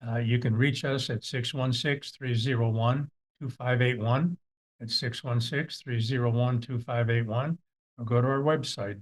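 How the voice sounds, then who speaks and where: A middle-aged man talks about money in a relaxed, storytelling way. His voice sits at a middle pitch. He acts out the people in his stories with animated voices. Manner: folksy, anecdotal, with animated quoted voices. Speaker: financial advisor hosting a video series. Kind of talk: casual talk to camera, storytelling.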